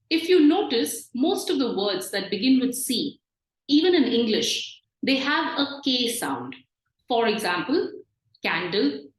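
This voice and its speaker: Slow, patient woman teaching in an echoey room. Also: a little high. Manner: patient, repeats and spells out sounds. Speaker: French teacher. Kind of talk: slow explanatory lesson.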